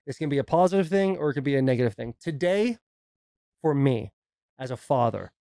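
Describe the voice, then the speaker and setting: A man co-hosting a podcast, telling animated stories in casual chat and mimicking his kids' voices. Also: medium pitch, fairly quick, clear, resonant tone, no room sound. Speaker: podcast co-host.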